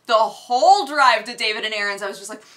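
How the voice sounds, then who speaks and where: A young woman hosting a casual daily vlog, telling a story in a lively, exasperated way. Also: on the high side, fast. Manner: gets loud and exasperated retelling a rant. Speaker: vlog host.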